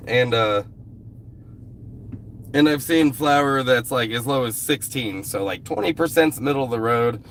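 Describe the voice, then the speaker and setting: There are long pauses as this man speaks unhurriedly on a live stream from an outdoor rural camp, blunt, swearing a lot, sick with a cold and annoyed by a commenter. The mid-range voice has a fairly bright tone and a little hiss or hum.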